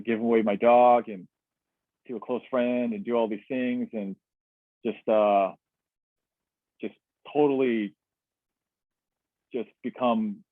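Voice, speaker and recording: A man's voice: mid-range voice, no room sound. A man telling a personal story as a webinar guest, candid and reflective, with many fillers and restarts. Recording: tinny dry webinar audio.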